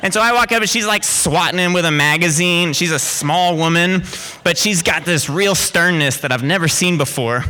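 A man telling an animated personal story in a lively, rambling way, full of vivid asides. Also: on the high side, moderate pace.

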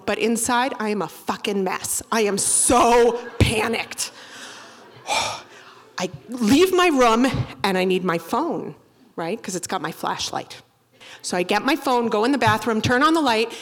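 Middle-aged woman comic, profane and animated, pitched high. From Boston. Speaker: stand-up comedian. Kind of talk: stand-up storytelling.

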